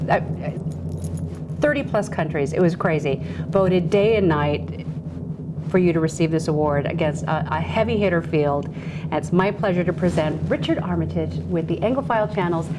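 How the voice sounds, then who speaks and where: A woman's voice: lowish voice, normal speed, very noisy. A woman hosting an interview show, talking in a chatty, gushing, enthusiastic way. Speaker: show host. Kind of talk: casual interview chat.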